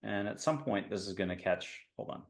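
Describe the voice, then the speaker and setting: A man's voice: fairly low pitch, fairly quick, vocal fry, roomy sound. A man hosting an interview show in a casual, rambling way, cracking dad jokes. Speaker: podcast host. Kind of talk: casual video-call interview.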